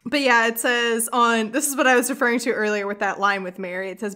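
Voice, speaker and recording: A woman hosting a casual book-discussion podcast, talking in an animated, emphatic way and reading quotes aloud with feeling. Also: a little high, fast talker. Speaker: podcast host.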